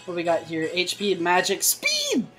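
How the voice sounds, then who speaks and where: Chatty giggly woman gaming w a friend, game music low behind. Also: normal speed. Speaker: gamer. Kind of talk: casual let's play chat.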